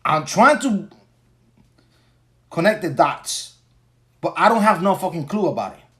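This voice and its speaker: Alone on his podcast after a long workday, a tired man in his forties rambles through a crude, profanity-laced rant. He sounds high-pitched and sharp, animated but keeping a measured pace.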